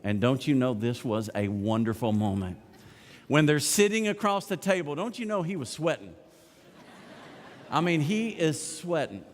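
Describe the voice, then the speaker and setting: A man's voice: medium pitch, very animated, moderate pace. A middle-aged male pastor preaching a sermon, animatedly retelling a story and acting out the characters' lines. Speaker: senior pastor. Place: large church sanctuary. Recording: long church hall reverb.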